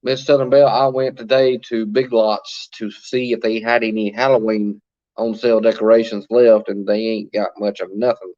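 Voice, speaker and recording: Streaming casually from his phone, a man with a mid-range, slightly mellow voice greets viewers by name and responds to their comments as he chats. The audio sounds dull.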